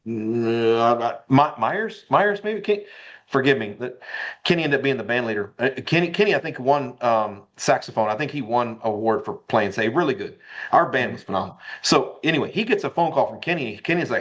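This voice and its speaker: A man, a podcast guest, telling a long personal story in an animated way, repeating words as he builds it up. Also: a little high, moderate pace, highs cut off. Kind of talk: casual storytelling interview.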